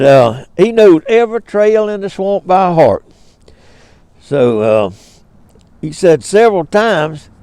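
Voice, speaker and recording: Slow, high-voiced older Southern storyteller. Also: male voice, dark tone. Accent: Southern US, Georgia. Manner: homespun drawl, chuckling asides. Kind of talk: folksy storybook reading.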